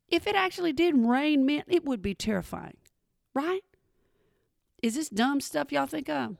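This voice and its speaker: A chatty middle-aged woman hosts a podcast, calling her listeners y'all. Her voice sits a bit high and sounds slightly hoarse. The recording is close and dry. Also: a bit bright, no echo. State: slightly hoarse, clearing throat. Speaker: podcast host. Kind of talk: casual chat.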